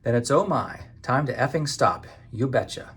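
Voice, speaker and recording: A man's voice: medium pitch, lively intonation, moderate pace, fairly bright tone, slight background noise. A man voicing a blunt woman lobster fisher. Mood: wry. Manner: blunt, wry.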